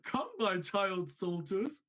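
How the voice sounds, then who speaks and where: A man doing a slow, gloating villain clown. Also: sits high, animated, a bit bright, voice pushed up, full character voice. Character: gleeful villainous male cartoon clown.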